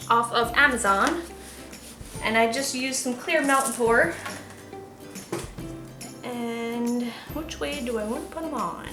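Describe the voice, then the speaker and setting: A woman's voice: high voice, echoey room. A young adult woman telling a rambling story in a casual chat while making soap at home, with many restarts. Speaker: soap maker channel host.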